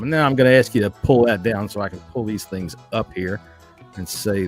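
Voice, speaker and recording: A man's voice: fairly low pitch, big pitch swings, a little slow, soft background music. A man hosting a casual fan podcast, reading listener emails and joking with loose, profane talk. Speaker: podcast host.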